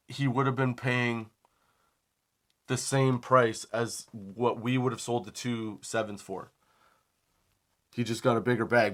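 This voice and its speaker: A man of middle pitch hosting a comedy podcast, talking casually and with plenty of energy. He acts out both sides of the dialogue, keeps asking "okay?" and calls his listener "dude". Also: a bit bright. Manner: conversational, says "okay?" and "dude" often. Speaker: podcast host.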